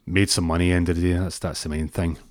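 Low-voiced Scottish man telling a story. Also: flat delivery, fast, no echo, studio quality. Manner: rambling, repeats words. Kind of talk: casual anecdote telling.

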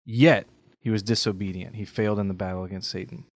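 A man's voice: on the low side, steady tone, fast. A man co-hosting a casual faith podcast, talking earnestly and thoughtfully, often checking in with "right?". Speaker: podcast co-host.

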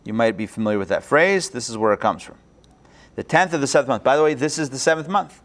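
A man teaching a live online class as a rabbi, lively and chatty, often thinking aloud and restarting his sentences, on a video call. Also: medium pitch, fast.

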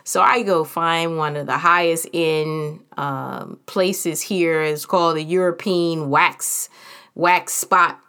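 Frank, chatty woman with a lowish voice. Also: fairly even intonation, slow, sharp tone, clean tone. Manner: frank, candid and humorous; chatty, with many fillers. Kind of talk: casual personal storytelling.

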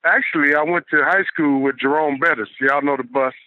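Male guest, relaxed and folksy, a bit high-pitched, dull lo-fi line. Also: a little fast, no room sound. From Detroit, USA. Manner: laid-back, folksy, repeats himself. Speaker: guest, former football player. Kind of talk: casual interview chat.

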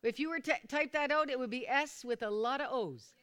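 Bright, crisp-voiced woman preaching. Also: sits high, a little fast. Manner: repetitive, calls for responses from listeners; bursts into loud fervent exclamations. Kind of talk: sermon to a small responsive group.

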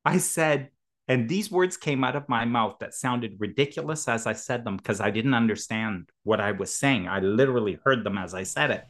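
A man's voice: medium pitch, moderate pace, fairly bright tone. A man, a podcast guest, telling a personal story with lots of expression, laughing often and acting out both sides of a conversation.

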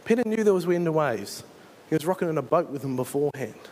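A man's voice: fairly high pitch, lively intonation, quick pace, a little mellow. A male pastor, preaching a sermon and retelling a story with earnest storytelling. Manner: earnest storytelling, dramatizes scenes.

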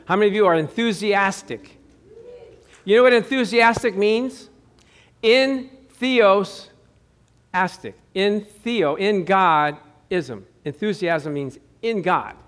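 A man's voice: high voice, takes it slowly, clear, resonant tone. A man preaching a sermon as pastor, telling stories with acted-out quotes and putting questions to the congregation. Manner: lively storytelling with acted-out quotes, asks the audience questions.

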